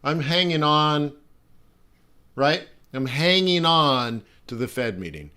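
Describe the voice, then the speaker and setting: A man's voice: fairly high pitch, animated, takes it slowly, bright, forceful tone, clean tone. Man, middle-aged, live trading stream host, casual, rambling, frequent restarts. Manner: rambling, chatty, many fillers and restarts.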